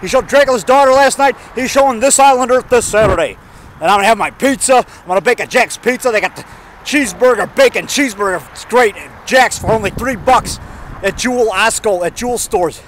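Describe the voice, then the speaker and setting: Casual male vlogger, high-pitched voice, rambling and jokey, faint traffic behind him. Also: fairly quick, a bit bright, rough recording. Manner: rambling, jokey, chuckles at own jokes.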